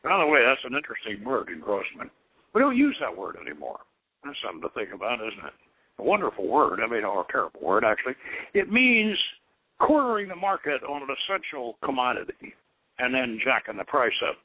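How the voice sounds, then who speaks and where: A man's voice: medium pitch, huge pitch swings, a little fast, slightly rough, no room sound. An older man hosting a call-in radio show, rambling and repeating words as he muses, with frequent chuckles. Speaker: radio host. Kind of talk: call-in radio talk on occult philosophy. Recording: dry tinny phone-like radio sound.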